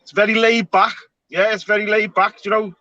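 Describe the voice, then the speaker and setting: A man's voice: high-pitched, level tone, fairly quick, pushed and bright, dry recording, highs cut off. A man hosting a casual online panel chat, talking in a chatty, rambling way with frequent restarts. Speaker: show host.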